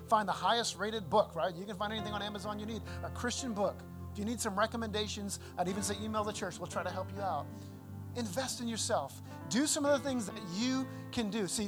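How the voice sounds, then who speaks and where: A man preaching a sermon as pastor, in a conversational way, repeating phrases for emphasis. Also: sits high.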